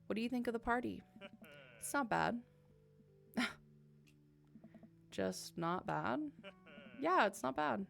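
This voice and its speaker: Woman gamer narrating a dating sim, fry in the voice, playful reads, light music bed. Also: medium pitch, expressive, takes it slowly, long pauses, a bit bright. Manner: playful, voices several characters, laughs and tears up. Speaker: let's play gamer. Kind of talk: reading a dating game aloud with voices.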